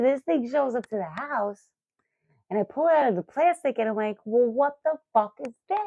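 A woman in her thirties telling a story casually to the camera as a vlogger, animated, profane and self-mocking. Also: low-pitched, no room sound. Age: 30s. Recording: muffled lo-fi audio.

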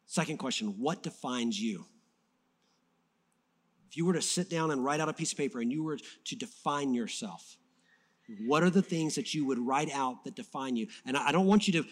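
A man's voice: on the high side, a little fast. Fired-up man preaching a sermon. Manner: fired-up, swings from loud to soft-spoken. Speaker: pastor.

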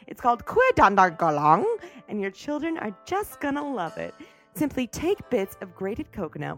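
A woman's voice: mid-range voice, a bit bright. A woman playing a chirpy TV cooking host. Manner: chirpy, salesy, instructional. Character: perky female TV cooking show host. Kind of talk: parody cooking show sketch.

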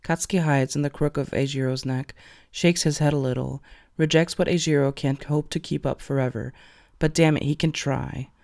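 A man narrating fan fiction aloud in an expressive storytelling way. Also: on the high side, normal speed, gravelly.

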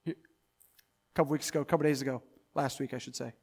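A male pastor preaching a sermon, swinging from loud, emphatic build-ups to quiet, intimate asides. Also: mid-range voice, fairly even intonation, quick pace, gravelly, breathy edge.

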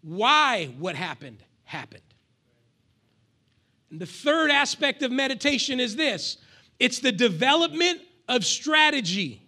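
High, bright-voiced preaching man. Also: unhurried. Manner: lively preaching with call-and-response and acted asides. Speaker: pastor. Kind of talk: sermon.

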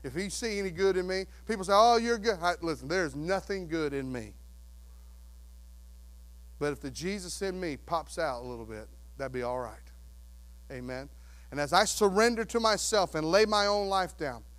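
A male pastor preaching a sermon, telling a story with acted-out voices and dropping to hushed, earnest tones. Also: a little high, animated, normal speed.

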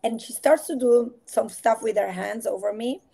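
A woman speaks as a podcast guest in a fairly high voice. She tells her stories with animation, slipping into quoted voices as she goes. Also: moderate pace, vocal fry, slightly rough. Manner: animated storyteller acting out quotes. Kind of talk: casual faith-based interview talk.

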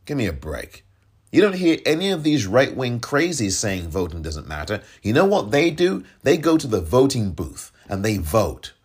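A man's voice: mid-range voice, huge pitch swings, moderate pace, a little mellow, husky. A man hosting a political podcast, speaking in fiery, exasperated commentary and mocking his opponents in put-on voices. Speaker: podcast host.

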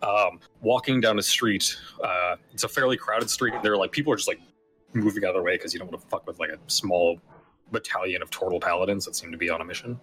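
A man's voice: low-pitched, steady tone, quick pace, fairly bright tone, soft background music, low-quality recording. A man narrating as game master of a tabletop game, in a casual way with lots of fillers and restarts.

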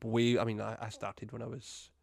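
Gravelly middle-aged man. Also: medium pitch, monotone, moderate pace, no room sound. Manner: easygoing, addresses listeners directly. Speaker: podcast host, drummer, music shop worker. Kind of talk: casual chat.

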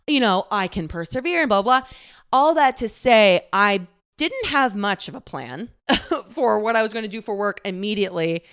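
A woman's voice: mid-range voice, fairly bright tone, clear, resonant tone. A woman in her twenties telling a personal story to the camera in a loose, candid way. She swears freely, laughs often and fills her talk with "like" and acted-out quotes. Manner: chatty, many fillers and acted quotes.

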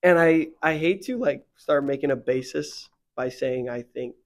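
A young man with a fairly high pitch speaks at normal speed while co-hosting a faith podcast. He chats casually, rambles through many fillers, and gets heated and animated when venting.

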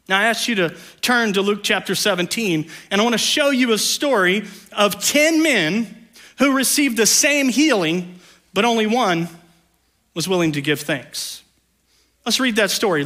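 A man preaching a sermon as the pastor, conversational and joking, slowing down to read scripture aloud. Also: very high-pitched, sharp tone.

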